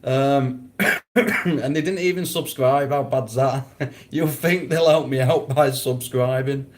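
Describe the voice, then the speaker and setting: There's slight background noise as this man, speaking slowly in a mid-range voice, hosts a casual livestream. He's easygoing, reads comments, cusses freely and laughs a lot.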